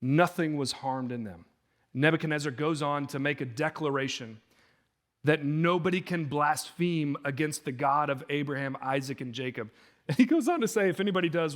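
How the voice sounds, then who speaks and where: Male pastor, higher voice, lively storytelling sermon. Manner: animated storytelling, acting out quoted speech.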